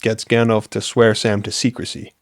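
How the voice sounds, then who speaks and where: A man's voice: fairly low pitch, monotone, moderate pace, dry recording. Young man rambling earnestly. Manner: rambling, earnest storytelling with many "like"s. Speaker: podcast host. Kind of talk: casual chat.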